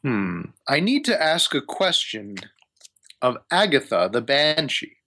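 A man's voice: mid-range voice, very animated, bright, forceful tone, exaggerated voice. A game master voicing a pompous, scheming male wizard who draws out his words and hums as he thinks. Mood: grateful, musing. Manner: slow, drawn-out phrases with musing hums. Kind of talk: tabletop role-play voice.

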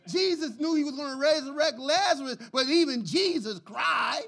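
Pastor guy preaching, really high voice, gets loud then soft, cracks jokes. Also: animated, normal speed, creaky, hardly any pauses. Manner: impassioned preaching, swinging from quiet to shouting; jokes, laughs. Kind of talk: sermon.

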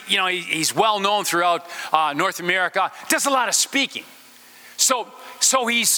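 Male preacher, high voice, very bright, halting repeats, echoey hall. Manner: halting, repeats words, swings from loud to hushed. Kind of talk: sermon storytelling.

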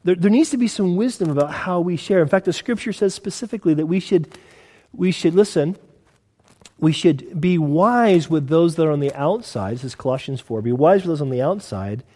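An American man preaches a sermon in a somewhat high voice, talking to the congregation in a casual, conversational way. He poses rhetorical questions and often repeats words as he goes. A long church-hall reverb trails after every phrase. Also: animated, moderate pace, a little mellow. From United States. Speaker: pastor.

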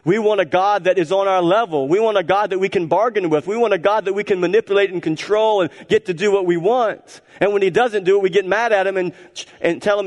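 A man preaching a sermon as pastor, emphatic and repetitive, swinging between loud and hushed. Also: sits high, quick pace. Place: church sanctuary. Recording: church hall reverb.

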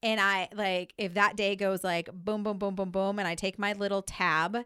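A woman's voice: mid-range voice, fairly even intonation, normal speed, bright, forceful tone, smooth. A woman co-hosting a casual podcast chat, joking and telling stories playfully. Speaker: podcast co-host.

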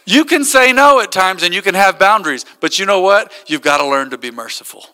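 A man's voice: high-pitched, lively intonation, a little fast, pushed and bright, big-room sound. A man, a pastor, preaching a sermon and telling stories with acted-out quotes. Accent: American.

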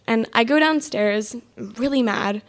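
A woman's voice: on the high side, a little slow. A teenage girl telling a personal story in an exasperated, sarcastic, self-mocking way. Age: mid-teens.

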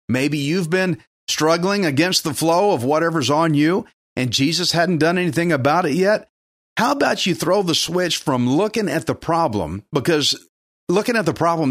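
Man preaching, emphatic and urgent, slightly high voice, dry close mic. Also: fairly bright tone, dry recording. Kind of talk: sermon.

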